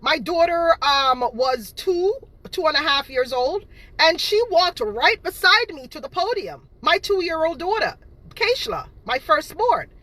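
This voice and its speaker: Her voice sits high and sounds sharp and very animated, yet she takes her time, and the recording is dry. She is a cake seller in her thirties from Boston, Massachusetts, with a Jamaican patois-inflected accent. She addresses her viewers casually and indignantly, saying things more than once for emphasis.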